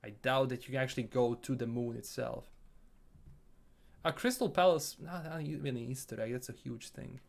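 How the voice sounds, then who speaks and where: A man's voice: medium pitch, steady tone, moderate pace, creaky. A man from Bosnia with a Bosnian accent, casually reading viewer comments aloud and answering them on a live stream.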